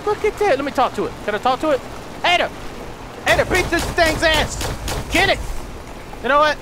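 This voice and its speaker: A young man doing let's play commentary, excitable, yelping and swearing at the enemies he fights. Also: very high voice, background noise. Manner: excitable, yelps and shouts at the game; swears, trash-talks enemies. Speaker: gaming YouTuber.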